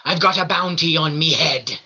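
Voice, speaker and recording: A man putting on a crusty old pirate who growls his words with a drawn-out "arr." His voice is bright and cutting, and it sounds dull and lo-fi. He belongs to a joke told on a stage show. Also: fairly high pitch, husky, full character voice. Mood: gruff. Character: gruff old retired male pirate. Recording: dull lo-fi recording.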